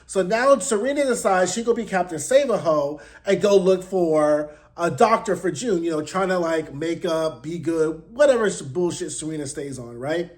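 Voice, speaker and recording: A man's voice: high voice, animated, normal speed, few pauses. A man hosting his own channel, recapping an episode in a casual, sassy, blunt and slangy way into a close mic. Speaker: host.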